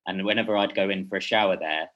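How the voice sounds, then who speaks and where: A man's voice: deep voice, fairly even intonation, fast, fairly bright tone, rough recording. A man talking as a podcast guest, a boxing journalist who speaks in a meandering, hesitant way and keeps correcting himself. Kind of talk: casual podcast conversation.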